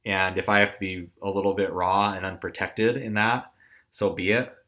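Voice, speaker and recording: A man's voice: deep voice, fairly even intonation, moderate pace, sharp tone. A young man hosting a podcast, talking candidly and ramblingly about himself with self-deprecating asides. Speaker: podcast host. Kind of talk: casual personal reflection.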